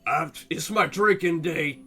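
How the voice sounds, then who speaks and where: A man's voice: fairly high pitch, takes it slowly, pushed and bright, faint music behind, pitched above the performer's own voice. A man voicing a grumpy drunk priest who stubbornly refuses visitors and loses his train of thought. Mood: grumbling. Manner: slurred, stubborn, muddled.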